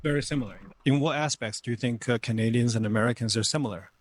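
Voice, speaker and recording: A man conducting street interviews, asking and prompting briskly. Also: medium pitch.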